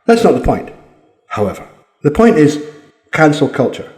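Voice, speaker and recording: A man's voice: on the high side, very animated, moderate pace, a little mellow. Blunt, combative Scottish man. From Scotland. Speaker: commentator. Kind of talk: opinion monologue. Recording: roomy echo.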